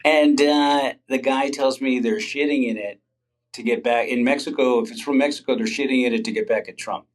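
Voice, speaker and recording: A man's voice: medium pitch, brisk, low-quality recording. A middle-aged male comedian, a guest in a candid interview, telling stories in a rambling way with lots of fillers and restarts.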